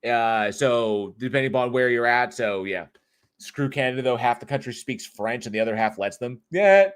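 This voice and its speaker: A man at an ordinary middle pitch hosts a casual live online talk show. He chats, rambles and jokes with the audience, loose and unscripted. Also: normal speed, smooth. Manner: chatty, jokey, rambling. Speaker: host.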